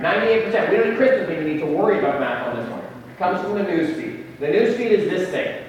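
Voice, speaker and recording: A man presenting a live seminar to an audience in a conference room, joking and speaking to the crowd directly. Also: high-pitched. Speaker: real estate tech seminar presenter. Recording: echoey hall from far off, faint noise.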